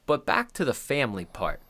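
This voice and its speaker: A man's voice: a little high, a bit bright, husky. Thirties male podcast co-host, loose and profane, rambling chat delivery. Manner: loose, profane, rambling retelling with quoted voices. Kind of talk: casual chat.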